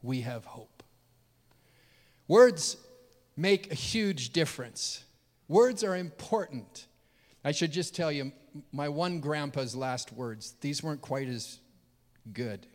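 A man preaching a sermon as a pastor, telling a personal story earnestly, dropping low and quiet and then rising loud and high when moved. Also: animated, slow. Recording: reverberant hall.

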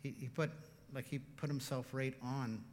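A man preaching as a pastor. He shifts from hushed, tender passages to loud, impassioned ones, and he often laughs. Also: medium pitch, flat delivery, normal speed, long reverb tail, a little hiss or hum. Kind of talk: sermon.

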